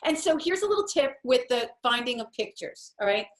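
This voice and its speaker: A woman's voice: a little high, very animated, brisk. A woman home-organizing coach giving a chatty, encouraging talk while sharing her screen. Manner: chatty and encouraging, acts out little quoted voices.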